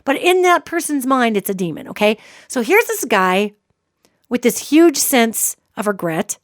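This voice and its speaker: A woman's voice: on the high side, very animated, measured pace, dry recording, clean studio sound. A woman hosting a psychic radio show, telling a story to her listeners in an emphatic way and checking in with them as she goes.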